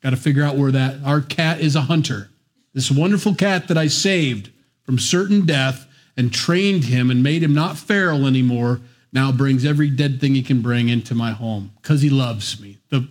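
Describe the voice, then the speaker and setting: A man preaching a sermon, reading scripture and breaking off for casual, joking asides. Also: medium pitch. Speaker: pastor.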